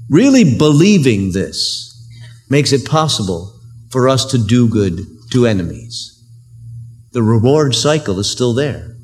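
A man's voice: mid-range voice, a little mellow. A man preaching a sermon as pastor, earnest and conversational, using everyday examples. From United States.

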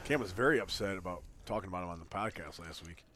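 A man's voice: low-pitched, fast, pushed and bright, a little hiss or hum. A man chatting casually as a podcast co-host, rambling and swearing freely. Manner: rambling, profane. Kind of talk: casual chat.

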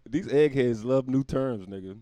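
A man's voice: mid-range voice, normal speed, mellow, no echo. A man doing a rambling, profane comedic monologue and laughing at his own jokes.

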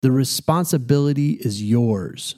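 A man's voice: mid-range voice, measured pace, a little mellow, lightly acted. A man voicing a stern, questioning Roman governor in a plain read-aloud delivery.

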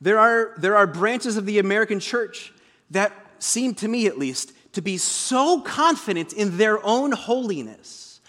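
A man preaching a sermon as pastor, conversational, breaking into booming dramatic quotations. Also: expressive, measured pace, sharp tone. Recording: long hall reverb.

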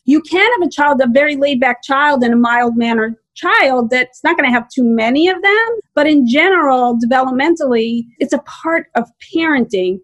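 A woman's voice: sits high, dry recording. A woman in her forties, a parenting expert guest, explaining earnestly in an interview and repeating her key points. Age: 40s. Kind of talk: interview answers.

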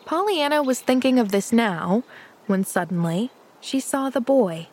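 Audiobook narrator, woman, slow and gentle, slightly high voice. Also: lively intonation.

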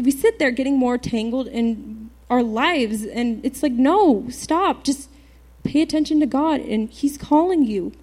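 A teenage girl giving an earnest church testimony, halting, with many fillers and restarts. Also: high-pitched, darkish tone. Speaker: youth speaker giving a testimony. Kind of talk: personal testimony to a church group.

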